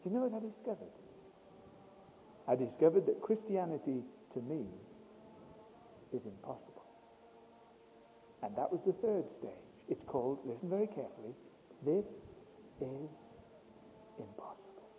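Man preaching a sermon, high lively voice, drops to a hush then booms, sounds tinny like a phone in a big echoey hall. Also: normal speed, pauses often, a little hiss or hum. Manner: dramatic, swinging between hushed and loud. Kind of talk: storytelling sermon.

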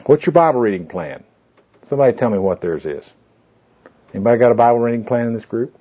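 A man's voice: mid-range voice, animated, quick pace, husky. A man leading a small group through a goal-setting handout, talking in a folksy, rambling way with fillers and asides. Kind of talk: informal classroom talk with anecdotes. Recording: dull lo-fi tape recording.

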